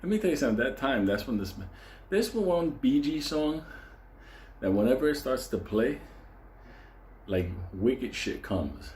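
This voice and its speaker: A man from Puerto Rico spins a profane, comic story, cursing freely and breaking into laughter again and again. His voice sits in an ordinary middle pitch for a man. The recording has a roomy echo with faint ambience underneath. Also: big pitch swings, unhurried, pauses often, a little mellow, a little hiss or hum. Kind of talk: casual comedic storytelling.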